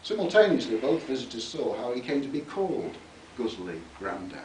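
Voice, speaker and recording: A man's voice: mid-range voice, very animated, fairly quick, noisy background. Theatrical man reading aloud. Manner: theatrical, relishing words, chuckling at his own lines. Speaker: author giving a reading. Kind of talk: reading from his book with spoken asides. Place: public library talk. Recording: echoey room, mic far off.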